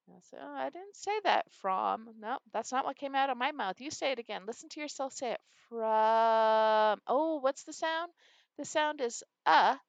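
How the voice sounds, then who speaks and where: A woman's voice: a little high, clean tone, no echo. A woman reading teacher explaining a phonics game and acting out her students' answers. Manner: animated, acts out student answers.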